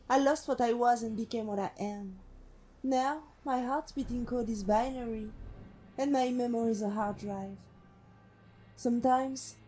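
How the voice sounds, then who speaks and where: A woman voicing a haunted female synth who was once a killer, telling her past in slow, brooding monologue. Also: a little high, warm tone, slight background noise, natural voice. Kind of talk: game companion monologue. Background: faint music.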